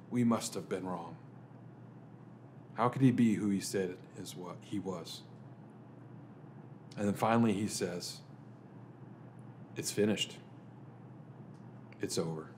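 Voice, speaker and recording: A man, a pastor, delivering a dramatic sermon full of rhetorical questions, swinging between emphatic lines and hushed ones. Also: lowish voice, slight background noise. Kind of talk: dramatic Good Friday sermon.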